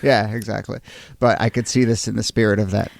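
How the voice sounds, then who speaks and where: A man's voice: on the low side, little pitch movement, vocal fry, no room sound. Man, podcast host, casual chat, playful, dry studio sound. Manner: jokey, playful, quick to laugh.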